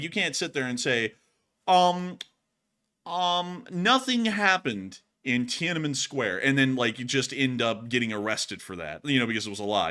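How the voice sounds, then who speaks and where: A man with a bright, forceful voice talks through news in casual commentary. He rambles and piles on fillers, his delivery loose and animated. He sounds like a regular co-host answering his partner on air. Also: medium pitch.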